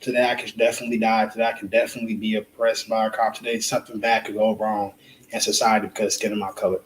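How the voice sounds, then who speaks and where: A young man, a college student on a panel, speaking earnestly and deliberately. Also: lowish voice, little pitch movement, echoey room, slight background noise, low-quality recording. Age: young adult. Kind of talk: earnest discussion.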